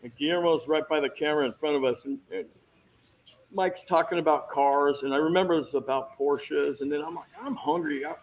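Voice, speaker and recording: A man telling lively stories as a guest on a casual video-call chat, jumping into quick impressions. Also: a little high, highs cut off. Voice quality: bald. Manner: animated anecdotes with impressions.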